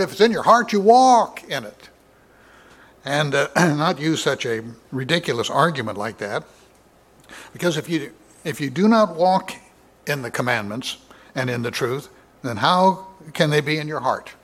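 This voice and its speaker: Man preaching a measured Bible sermon. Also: medium pitch, expressive, a bit bright. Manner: measured, many fillers, reads scripture aloud, rises for emphasis. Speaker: pastor.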